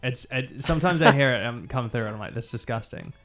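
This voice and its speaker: A man's voice: mid-range voice, expressive, fast, a bit bright, soft background music. A young man with a New Zealand accent, a streamer chatting casually and reading out viewer messages. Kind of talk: casual chat.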